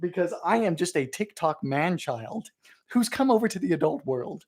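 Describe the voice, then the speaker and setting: Young man, livestream host, playful and jokey, very lively pitch, chatty. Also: normal speed. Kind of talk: live chat, reading viewer comments.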